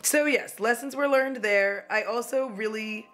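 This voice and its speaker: A woman's voice: fairly high pitch, measured pace, a bit bright, soft background music. A woman vlogger talking casually at home, blunt and profane as she gets heated on a rant. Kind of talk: casual commentary vlog.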